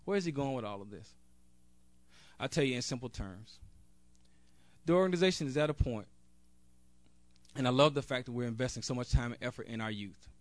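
A man's voice: medium pitch, dry recording. Earnest man speaking off the cuff. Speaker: convention speaker, national board member. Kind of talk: speech at a convention. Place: convention hall.

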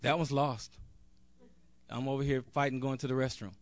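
A man's voice: mid-range voice, little pitch movement, normal speed. A man, a national board member, giving an earnest, direct convention speech off the cuff, with a few restarts. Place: convention hall.

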